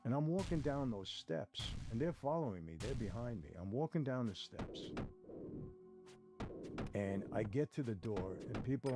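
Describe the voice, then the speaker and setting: A man telling a dramatic first-person story, talking straight to his listeners and moving between hushed and heated tones. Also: fairly low pitch. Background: music.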